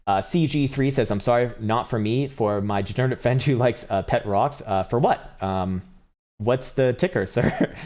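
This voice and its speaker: A man's voice: medium pitch, a little fast. An American man in casual live-stream commentary, reading viewer comments aloud and talking through charts in a laid-back, profane way. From United States. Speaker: livestream trading analyst.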